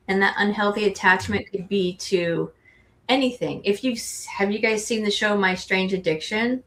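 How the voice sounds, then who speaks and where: A middle-aged woman co-hosts a tarot show, chatting casually and rambling with frequent restarts. Her voice sits at a medium pitch with a fairly bright tone.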